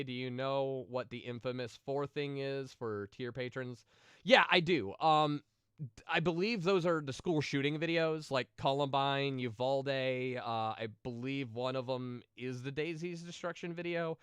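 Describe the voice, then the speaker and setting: A man streaming live and reading out donation messages, swearing freely and tripping over his words. His voice is smooth and resonant, sitting at an ordinary pitch, recorded close and dry with no room sound. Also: a bit bright, dry recording. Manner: rambling, profane, with many fillers and restarts; emotional, sensitive. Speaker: streamer answering viewer questions. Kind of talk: casual livestream chat.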